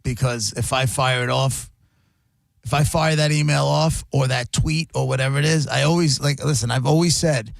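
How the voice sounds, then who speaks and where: A radio host with a gravelly, mid-range voice banters casually on air at a moderate pace. An animated storyteller, he acts out other people's lines, and the recording is dry with clean studio sound.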